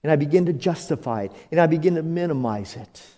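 A male pastor preaching a sermon, slow and dramatic, jumping to high emphatic bursts and dropping to hushed asides, leading the congregation in call-and-response. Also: animated. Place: church sanctuary. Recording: long reverb of a church hall.

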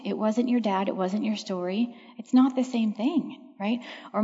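A woman's voice: mid-range voice, moderate pace, dark tone, husky. A woman counselor answering audience questions at a church event, earnest and reflective, with emphatic repetition. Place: large hall with an audience. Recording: echoey hall, dull lo-fi sound.

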